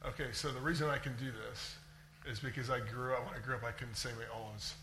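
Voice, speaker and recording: A man's voice: medium pitch, steady tone, quick pace, sharp tone, slight background noise. Easygoing American man, echoey stage. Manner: easygoing, laughing along. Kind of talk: stage interview chat.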